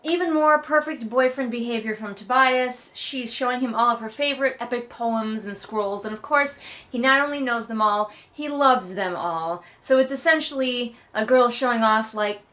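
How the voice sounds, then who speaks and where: A woman's voice: on the high side, normal speed, a bit bright. A woman hosting a casual book read-along, recapping chapters in a sarcastic, wry way and swearing casually.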